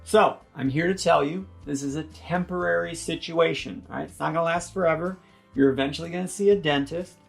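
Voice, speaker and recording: A man explains toothache relief in a chatty, joking way, calm and reassuring throughout. His voice has a gravelly, slightly creaky texture. Soft guitar music plays faintly behind him. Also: on the high side, a little fast. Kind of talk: casual instructional vlog.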